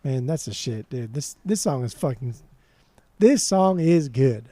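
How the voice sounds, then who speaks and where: A man's voice: medium pitch, lively intonation, unhurried, dark tone, no echo. A young man co-hosting a podcast, chatting casually and enthusiastically about an album, with lots of swearing and slang. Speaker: podcast co-host. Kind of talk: casual music review chat.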